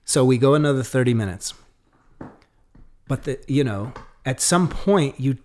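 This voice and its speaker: Medium in pitch and measured in pace, a man tells a story casually on a podcast where he's a guest. He animatedly voices the dialogue of the people involved, often using fillers and starting sentences over.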